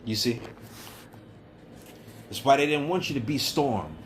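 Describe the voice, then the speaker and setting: A man preaches in a rhythmic monologue, stacking repeated refrains into emphatic builds. His voice sits at an ordinary middle pitch for a man. He swings from loud, raised lines to low, hushed ones. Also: animated, unhurried, a little hiss or hum. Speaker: spiritual teacher.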